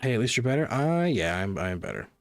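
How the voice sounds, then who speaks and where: Very animated and fast-talking, a man with a medium-pitched voice streams a cozy game, rambling and chatting casually with his chat. The studio-quality audio has no room sound, just soft background music.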